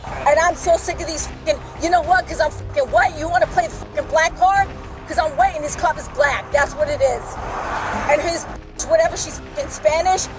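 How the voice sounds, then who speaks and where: Angry cursing woman, high voice, distant body-cam audio, music playing underneath. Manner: shouting, cursing, combative. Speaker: arrested woman. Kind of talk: heated argument with police. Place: outdoors by a roadside. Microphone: police body camera.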